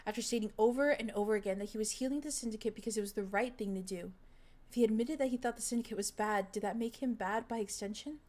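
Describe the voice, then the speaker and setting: A woman reading fan fiction aloud in a steady, earnest narrating voice. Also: on the high side, quick pace.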